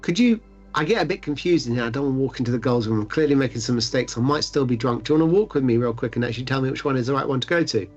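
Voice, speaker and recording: A man's voice: medium pitch, racing, close to an everyday voice. Guy doing his clumsy polite halfling dude, fumbly, muffled audio, faint music. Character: clumsy, jokey male halfling adventurer.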